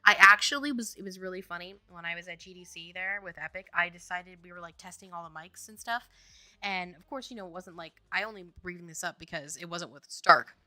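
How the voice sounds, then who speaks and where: A game developer from Louisiana with a US Southern accent chats casually on her dev stream, rambling and laughing often. Her voice is lowish, fairly quick and sharp, in a dry recording.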